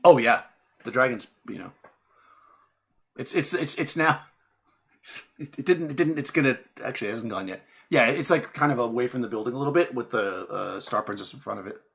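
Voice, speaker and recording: A young man runs a tabletop game as its game master, describing the scene in a loose, rambling way. He keeps restarting his sentences and breaks into quick laughs. His voice sits at a middle pitch for a man. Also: animated, gravelly, a bit bright.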